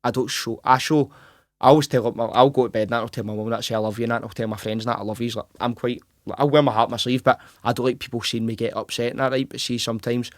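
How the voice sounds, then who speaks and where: Speaking as a guest in a relaxed interview, this twenty-something pro boxer from Glasgow, Scotland, rushes his words earnestly while holding a narrow, level pitch. His sentences keep restarting, and "mate" comes up constantly. Close, dry audio, with no echo.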